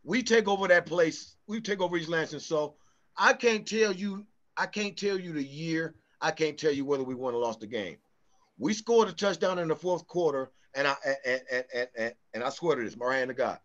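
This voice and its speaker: Bright-voiced middle-aged man telling stories. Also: on the high side, moderate pace. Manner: animated, repetitive storytelling. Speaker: podcast co-host. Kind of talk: casual chat. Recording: dull lo-fi sound.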